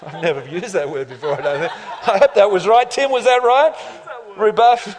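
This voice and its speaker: A man preaching a lively, joking sermon as pastor of a church, laughing often and building to loud climaxes. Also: sits high, brisk, crowd noise. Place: church auditorium. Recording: long reverb of a large hall.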